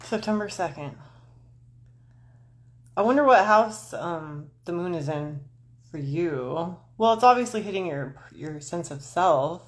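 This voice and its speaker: A woman in her forties talks to her viewers from home in front of a webcam. She wanders between astrology and her own life, swears casually and pokes fun at herself. Her voice sits a little low. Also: animated, a little slow. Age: 40s. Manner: scattered, swearing, self-deprecating, talks to chat viewers. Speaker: astrology livestreamer. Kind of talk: rambling livestream chat. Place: home, seated in front of camera.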